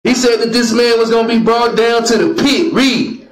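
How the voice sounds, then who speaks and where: A man's voice: very high-pitched, moderate pace. A man teaching the Bible to a class, calling out verses for a reader and joking with the group. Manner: calls out commands to a reader, jokes with the crowd. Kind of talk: preaching lesson to a class. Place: meeting room with a group. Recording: roomy echo.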